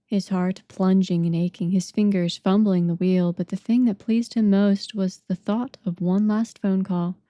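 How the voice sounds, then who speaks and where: A woman narrating an audiobook in a measured, dramatic way. Her voice is dark and mellow. The recording is dry and close, with no room sound. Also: medium pitch, steady tone, dry recording, muffled recording.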